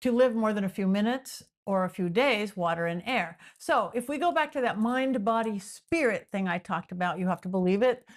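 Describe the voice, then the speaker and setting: A woman talking as a podcast guest, explaining her ideas in animated, repetitive lists and sometimes acting out the voices of imagined people. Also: mid-range voice, moderate pace, few pauses. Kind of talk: explanatory interview talk.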